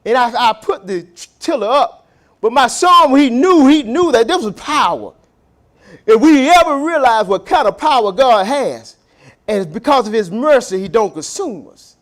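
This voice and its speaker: A man from the preaching a sermon in a church. He swings from loud, emphatic bursts to low, quiet asides and stretches out key words. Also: animated, normal speed. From Southern United States. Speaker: pastor. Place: church sanctuary.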